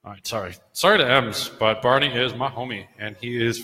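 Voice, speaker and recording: A man's voice: mid-range voice, fairly quick, bright, forceful tone, in a large hall, rough recording. A man hosting a podcast from a bar, chatting loosely and swearing freely after a few drinks, into a microphone on a stand. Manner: loose, profane, rambling. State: tipsy from drinking. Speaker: podcast host. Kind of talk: casual bar chat. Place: bar, indoors.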